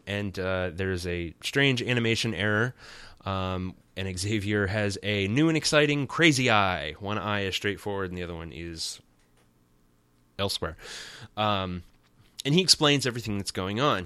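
A man's voice: lowish voice, pushed and bright, no echo. A man hosting a podcast, recapping in a casual, wry and sarcastic way full of rambling asides. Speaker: podcast host. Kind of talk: casual comic recap chat.

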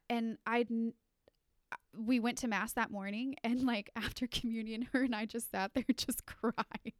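A young adult woman co-hosting a podcast, telling a story in casual chat, animated and full of fillers, laughing as she goes. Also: fairly high pitch, smooth, dry recording, clean studio sound. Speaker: podcast co-host.

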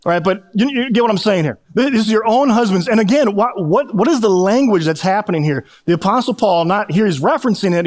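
A middle-aged man preaches a sermon to his congregation in a relaxed, conversational way. His voice sits high for a man, and he often restarts phrases and mocks himself with dry humor. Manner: conversational, self-deprecating humor, repeats words when restarting. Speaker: pastor.

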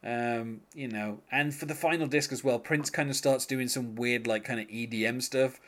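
A man's voice: mid-range voice, fairly even intonation, normal speed, fairly bright tone. A man chatting casually as a podcast host, full of fillers and restarts. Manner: hesitant, many fillers and restarts. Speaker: podcast host reviewing music. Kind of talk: casual chat.

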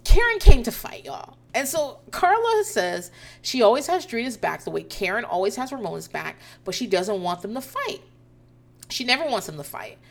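A woman's voice: medium pitch, very animated, moderate pace, creaky. A woman casually recapping a reality show episode, profane and incredulous as she tells the story.

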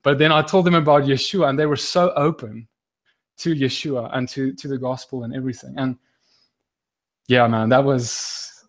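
Man telling a halting, earnest story. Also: mid-range voice, steady tone. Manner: halting, many restarts and fillers. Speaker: guest sharing a testimony. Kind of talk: casual storytelling.

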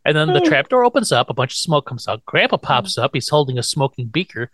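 A man's voice: on the high side, big pitch swings, fast, fairly bright tone, dry recording. A man casually recapping a TV episode, acting out quotes in silly voices. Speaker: podcast host recapping an episode.

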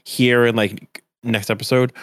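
Co-hosting a podcast, a man rambles through a casual chat, leaning heavily on "like" as a filler. His medium-pitched voice is flat and unhurried, captured as a dry, studio-quality recording.

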